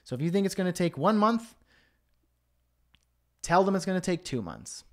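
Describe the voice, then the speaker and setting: A man's voice: sits high, big pitch swings, moderate pace. A man hosting a freelancing Q&A livestream from his home studio, talking casually with frequent fillers and self-deprecating asides.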